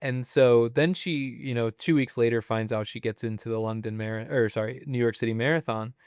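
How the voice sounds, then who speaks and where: A man in his twenties, a podcast guest telling his story in a relaxed, chatty way with plenty of fillers. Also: mid-range voice, brisk, clean tone, dry recording, studio quality. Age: 20s. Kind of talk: casual interview storytelling.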